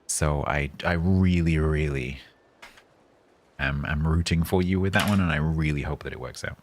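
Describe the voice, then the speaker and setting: A man chatting calmly on a game livestream, rambling with fillers and restarts. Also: very deep voice, normal speed, slight background noise. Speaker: game streamer. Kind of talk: casual livestream chat.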